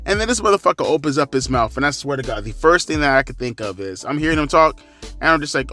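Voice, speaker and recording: A man's voice: a little high, fast, faint music behind. A man in his thirties giving a casual, profane, slangy rant as a wrestling commentary vlogger. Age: 30s. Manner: slangy, animated, crude.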